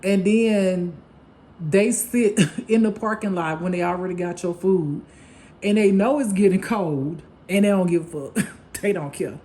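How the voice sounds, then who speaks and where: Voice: medium pitch, a little slow, dark tone. An intuitive tarot reader giving a casual spiritual reading monologue, blunt and profane, laughing often as they act out gossip.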